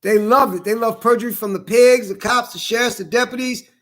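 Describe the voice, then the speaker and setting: Man, middle-aged, very high voice, sharp tone, blunt, profane, repetitive rant. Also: fairly even intonation, brisk. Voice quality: blunt and profane, repeats his points. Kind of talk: ranting monologue.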